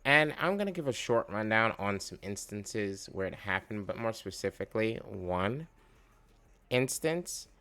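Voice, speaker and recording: A man's voice: lowish voice, expressive, unhurried, sharp tone. A man giving casual, rambling commentary, swearing often as he rants while reacting to a video. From United States. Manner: profane, rambling, fired up.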